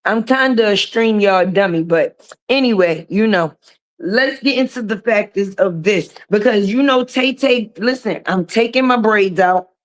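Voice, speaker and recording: Hoarse woman hosting a live stream. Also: mid-range voice, measured pace. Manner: chatty, greets viewers by name, calls them baby. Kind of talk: casual live-stream chat. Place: garage.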